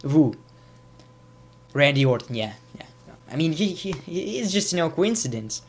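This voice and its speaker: Excitable man commenting on clips. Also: on the high side, moderate pace. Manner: excitable, rambling, laughs at clips. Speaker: YouTube commentator. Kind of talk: casual reaction commentary.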